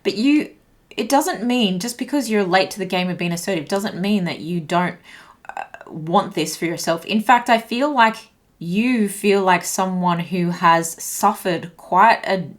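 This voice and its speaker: A woman's voice: mid-range voice, measured pace. A woman doing an intuitive tarot reading, slightly breathless with a shaky voice, musing and searching for words as she turns the cards. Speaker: tarot reader.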